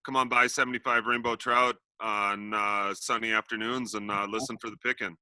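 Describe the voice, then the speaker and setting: A man's voice: on the low side, steady tone, normal speed, sharp tone, clear, resonant tone, no room sound, poor audio. A man who plays bluegrass, talking in a laid-back way with brief answers. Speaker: bluegrass musician. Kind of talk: casual chat.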